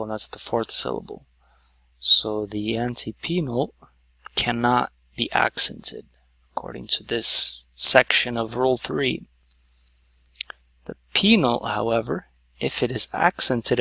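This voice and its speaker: A man teaching a whiteboard lesson, explaining slowly step by step with many "so"s. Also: mid-range voice, creaky, sharp tone, dry recording. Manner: slow, stepwise explaining with many "so"s.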